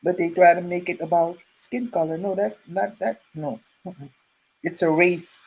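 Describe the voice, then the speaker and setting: A woman from Suriname, chatting as a guest and telling stories in an animated way, laughing often and saying "you know" a lot. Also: fairly low pitch, normal speed, vocal fry, slightly rough, poor audio. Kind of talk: casual storytelling chat.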